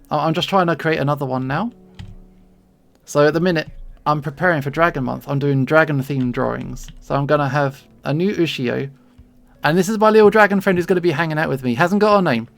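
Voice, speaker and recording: A man's voice: on the high side, creaky. A man streaming casual chat to his viewers while he draws, friendly and rambling, often repeating words as he starts a sentence. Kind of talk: casual chat to a livestream audience while drawing.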